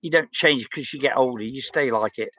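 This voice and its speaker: A man's voice: medium pitch, brisk, a bit bright, no room sound, lo-fi sound. A blunt, outspoken man, chatting casually as he reads out viewer comments on his stream. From England. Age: 60s. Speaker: livestream host.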